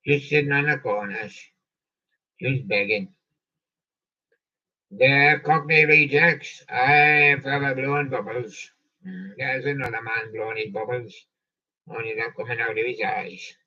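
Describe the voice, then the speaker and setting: Slow, joking man, lo-fi distant sound. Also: mid-range voice, sharp tone, husky. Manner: slow, punning, quips after each song title. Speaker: show host reading out song lists. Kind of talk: rambling live-stream chat with jokey asides. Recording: dull lo-fi sound, off-mic.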